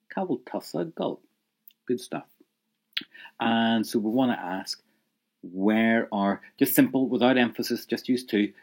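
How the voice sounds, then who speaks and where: A man's voice: mid-range voice, vocal fry, darkish tone, husky. A man teaching an audio language lesson, encouraging the listener and prompting them to repeat phrases.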